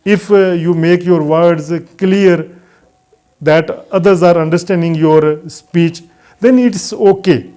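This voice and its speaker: Man, English teacher, non-native English accent, fairly high voice, mellow tone, hesitant with many fillers. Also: takes it slowly, smooth. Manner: hesitant, frequent "uh" fillers, earnest advice. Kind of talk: spoken English lesson to camera.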